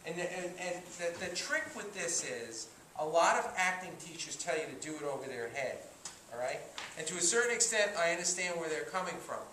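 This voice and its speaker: A man teaching an acting class, talking in an animated way and stopping often to act out lines as examples. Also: on the high side, a little fast. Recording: echoey room from far off, faint noise.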